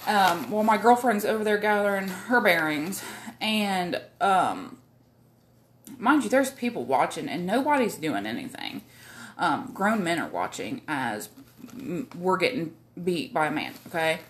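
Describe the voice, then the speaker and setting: A woman's voice: fairly low pitch, very animated, measured pace. Rambling, profane woman telling a story. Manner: rambling, profane, lots of fillers and asides. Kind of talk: casual personal storytelling.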